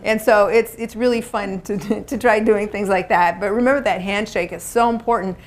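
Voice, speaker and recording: A woman's voice: medium pitch, fairly even intonation, moderate pace. Woman, middle-aged, workshop presenter, conversational, acts out quotes. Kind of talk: live seminar talk to a room.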